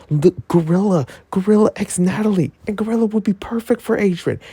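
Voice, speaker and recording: A man giving a casual episode review, excitable and rambling, full of filler words and jokes. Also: no room sound. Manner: jokey, yelps into high pitch.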